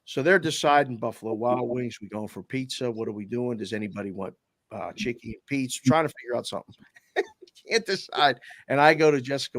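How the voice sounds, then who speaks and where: A middle-aged man, a podcast guest, telling a story in casual, animated chat and quoting people back and forth. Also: mid-range voice, brisk, no echo.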